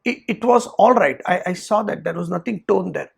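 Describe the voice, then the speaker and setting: A man voicing a young male student who speaks softly and hesitantly, stammering as he defends himself. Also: high voice, lively intonation, brisk, gravelly, slightly rough, exaggerated voice. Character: meek then indignant young male student.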